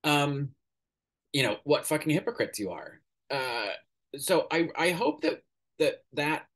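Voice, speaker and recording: A man giving casual, opinionated political commentary as a podcast host, pausing often with fillers and swearing now and then. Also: medium pitch, a bit bright. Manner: opinionated, hesitant with many ums, swears casually.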